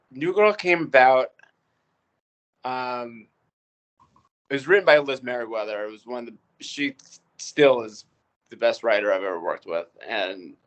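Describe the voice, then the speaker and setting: A man in his forties, a guest on a casual podcast, talking relaxed and joking with many fillers. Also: medium pitch, low-quality recording. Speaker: actor, guest. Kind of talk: casual interview chat.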